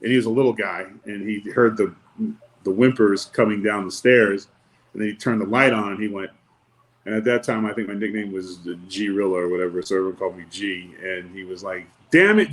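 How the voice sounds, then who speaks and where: A man with a fairly low voice is a guest on a podcast, telling a story from his bodyguard days. He takes it slowly and casually, with a wry, deadpan humor, and acts out the lines of the people in the story. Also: poor audio. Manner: laid-back, wry storyteller who acts out quotes. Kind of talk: storytelling anecdote in casual chat.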